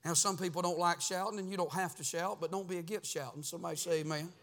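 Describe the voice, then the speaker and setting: A man preaching a sermon in a church, in a sing-song cadence that swings from hushed to shouting. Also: high-pitched, steady tone, quick pace. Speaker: pastor. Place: church sanctuary.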